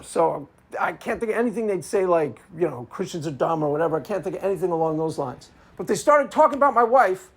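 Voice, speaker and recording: A man's voice: high-pitched, slightly rough. Combative, sarcastic male commentator. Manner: combative and sarcastic, repeats his points. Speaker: video commentator. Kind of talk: unscripted commentary monologue.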